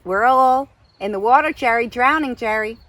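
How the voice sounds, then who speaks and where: A woman's voice: fairly high pitch, normal speed, fairly bright tone, dry recording, close to an everyday voice. A woman voicing a brash, economy-obsessed, over-caffeinated American woman in a put-on American accent, in a comedy podcast bit. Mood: lecturing. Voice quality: brash, pushy, repeats the listener's name.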